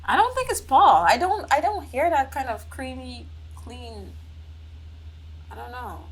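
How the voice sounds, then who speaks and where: A woman's voice: high-pitched, animated, measured pace, breathy edge, poor audio. A young woman hosting a casual live-stream reaction, playful and exclaiming as she talks straight to her viewers.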